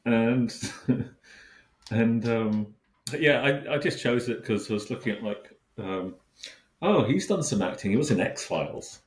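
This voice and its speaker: A man's voice: mid-range voice, expressive, unhurried. A man co-hosting a music podcast in casual chat, dry and sardonic, with hesitant restarts. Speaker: podcast co-host. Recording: roomy echo.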